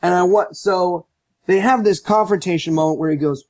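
Guy with a high voice ranting about a movie, swears a lot, dry sound. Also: normal speed, dry recording. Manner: sarcastic, profane, mocks quotes with shouted voices. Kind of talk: casual podcast movie rant.

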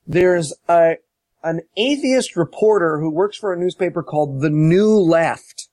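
A man casually recapping a movie on a podcast, animated and profane, mocking as he tells it. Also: fairly high pitch, unhurried, no echo. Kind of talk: casual chat.

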